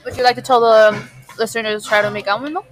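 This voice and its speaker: A woman's voice: on the high side, fairly even intonation, quick pace, poor audio. Woman on a podcast walking thru how to do stuff, stops to find words, music faint underneath. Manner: explaining step by step, searching for words. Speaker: podcast co-host. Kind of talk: casual chat.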